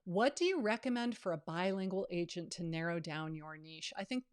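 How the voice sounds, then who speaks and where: Casting: woman, 50s, friendly real estate coach, relaxed live-stream Q&A, approachable and chatty. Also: on the low side, normal speed, clean tone. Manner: chatty, down-to-earth, conversational. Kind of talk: live online training with Q&A.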